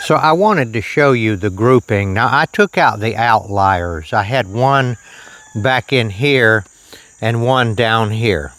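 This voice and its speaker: Slow-talking man on a lavalier outdoors. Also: lowish voice, expressive, fairly bright tone, a little hiss or hum. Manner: slow, plain-spoken, preacherly asides. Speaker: archery vlogger. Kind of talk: casual outdoor demonstration with faith reflections. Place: outdoors on a rural property. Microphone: lavalier on shirt.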